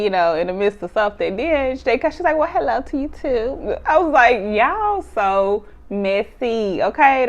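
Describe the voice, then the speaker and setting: A woman, recapping a reality show in casual chat, animated, laughing often and acting out cast members' lines. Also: on the high side, highs cut off.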